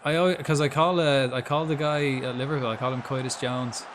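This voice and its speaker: Talking fast in a voice on the high side, a young Irish man streams a football management game amid background noise. He reacts aloud, swears freely, and keeps up casual live-stream commentary as a gaming streamer.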